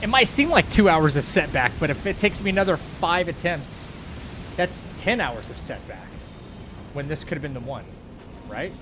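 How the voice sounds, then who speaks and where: A man's voice: fairly high pitch, animated, moderate pace, background noise. A man streaming a game live, commentating to his chat in an exasperated way and swearing a lot.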